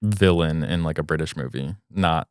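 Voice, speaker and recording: A man's voice: extremely low pitch, moderate pace, clean tone, no room sound, clean studio sound. A man on a comedy podcast, reading a listener's letter aloud in a wry tone and bantering with his co-host.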